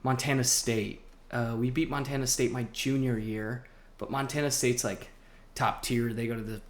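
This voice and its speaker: A man's voice: medium pitch, moderate pace. A young man co-hosting a podcast, telling sports stories in a rambling, casual way with lots of fillers. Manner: rambling, animated storytelling with frequent fillers. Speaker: podcast co-host. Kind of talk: casual chat.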